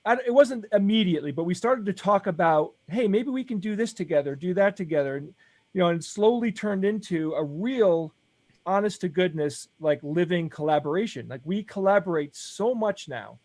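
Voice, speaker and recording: A man's voice: sits high, animated, normal speed, a little mellow. A man co-hosting a casual livestream chat, speaking earnestly and openly about his feelings. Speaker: co-host.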